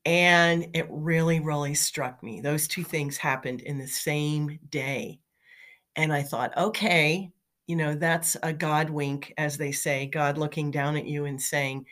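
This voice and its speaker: A woman's voice: low-pitched, steady tone, measured pace, a bit bright. A middle-aged woman talking in a chatty, motivational way, telling anecdotes with fillers and light laughs. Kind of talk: casual motivational storytelling.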